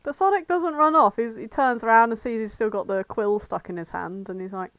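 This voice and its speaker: A woman's voice: fairly high pitch, fairly quick, a bit bright, no room sound. A woman co-hosting a podcast, chattily retelling a fan fiction with giggles and casual swearing. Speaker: podcast co-host. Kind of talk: casual fanfic review chat.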